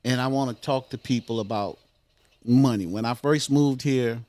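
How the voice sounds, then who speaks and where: A man's voice: mid-range voice, normal speed, over a noisy crowd. An older man, a guest in a casual interview, talking bluntly and swearing often. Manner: blunt, swears a lot, street talk.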